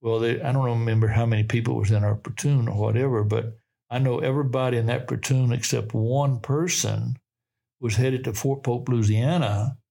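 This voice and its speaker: A man's voice: mid-range voice, steady tone, normal speed, creaky, mellow. An older man with a Southern US accent, telling folksy, rambling stories of his past as a podcast guest. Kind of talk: storytelling in a podcast interview.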